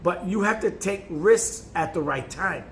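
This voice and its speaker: A man with a high voice reads a self-help booklet aloud and pushes hard on key points. He trips and restarts now and then, and a faint hiss sits under the voice. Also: animated, a little slow. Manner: emphatic, with occasional stumbles and restarts. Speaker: narrator.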